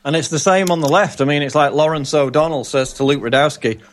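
A man's voice: mid-range voice, brisk, hardly any pauses. A man giving commentary on a talk show as correspondent, indignant and emphatic.

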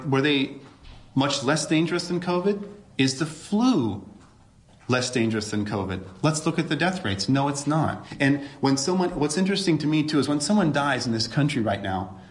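An emphatic middle-aged man speaks as a doctor at a press briefing, pressing his points with rhetorical questions. His voice sits at an ordinary pitch and carries a noticeable echo from the room around him.

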